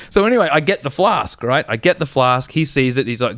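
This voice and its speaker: Young Australian man, comedy podcast host, rambling profane storyteller, smooth resonant voice, dry close sound. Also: fairly high pitch, animated, quick pace, few pauses, a bit bright, no room sound. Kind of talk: casual comedy chat.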